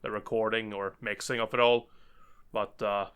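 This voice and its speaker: A man's voice: fairly low pitch, level tone, moderate pace, fairly bright tone, smooth. A man co-hosting a podcast, chatting casually and rambling with many fillers. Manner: rambling, full of fillers and restarts. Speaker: podcast co-host. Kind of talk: casual chat.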